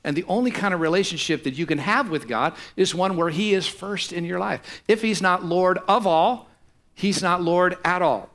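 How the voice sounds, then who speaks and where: A man preaching a sermon in a bright, somewhat high voice. He drives home his points with emphatic repetition and a steady rhetorical build. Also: moderate pace. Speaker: pastor.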